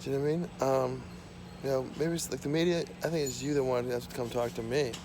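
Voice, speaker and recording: A man's voice: medium pitch, steady tone, fast talker, background noise. A man rambling and ranting to his camera at home, profane and repetitive, drifting from topic to topic. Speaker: vlogger. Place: small home.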